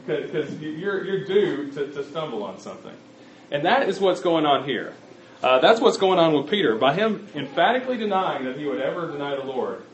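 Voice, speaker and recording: Male preacher, slightly higher voice, conversational sermon style, roomy church sound. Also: a little hiss or hum. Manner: conversational, addresses the congregation directly. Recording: roomy, slightly muffled recording.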